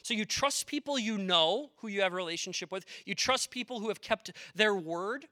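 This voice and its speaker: A man's voice: high voice, moderate pace, hardly any pauses, sharp tone, no echo, clean studio sound. A man, a pastor, preaching a conversational sermon in an earnest way, with personal stories and rhetorical questions.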